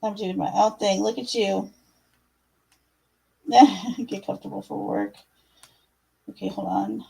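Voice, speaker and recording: A woman's voice: medium pitch, steady tone, slow pace, gravelly, long pauses, dark tone, breathy edge, low-quality recording. A young woman giving casual tarot readings on a live stream, chatty and full of fillers, calling viewers love and my dear. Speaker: livestream tarot reader.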